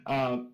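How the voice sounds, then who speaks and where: A man hosting a podcast, reading out listener questions and teasing the guest. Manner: reads out questions, teasing jokes. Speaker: podcast host. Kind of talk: casual interview chat.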